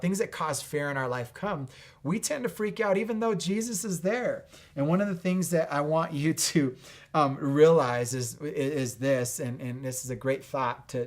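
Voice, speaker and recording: A middle-aged man giving a casual faith-based motivational talk. He speaks conversationally, with many fillers and restarts, and grows animated when he retells a story. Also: medium pitch. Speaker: fitness instructor and faith speaker.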